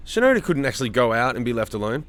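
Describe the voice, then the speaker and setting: He races through his words in a sing-song, mid-range voice while reading viewer comments on a casual stream from home. Loose in manner, he swears freely and talks to chatters by name.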